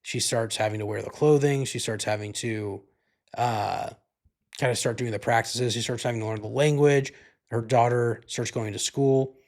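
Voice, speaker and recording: A man's voice: medium pitch, steady tone, moderate pace, a little mellow. A man hosting a podcast, giving a casual movie review in a rambling, profane way, full of "like" and "you know". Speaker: podcast host.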